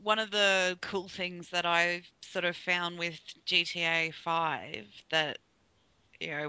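Bright tone, smooth voice, relaxed hesitant casual chat, dry lo-fi recording. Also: medium pitch, dry recording. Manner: relaxed, hesitant, many fillers. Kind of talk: casual chat about a video game.

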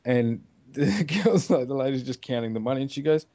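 A man chatting casually as a podcast co-host, an animated storyteller who swears freely. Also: medium pitch, a little fast. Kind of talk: casual chat about a video game. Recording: dull lo-fi recording.

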